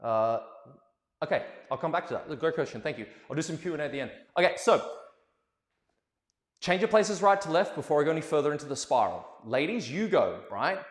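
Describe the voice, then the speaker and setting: A man with a fairly high voice runs a playful, animated ballroom dance lesson, cracking jokes and counting the rhythm out loud. His voice bounces around an echoey room with a long, ringing reverb. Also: brisk. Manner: playful, animated, joking asides, counting beats aloud.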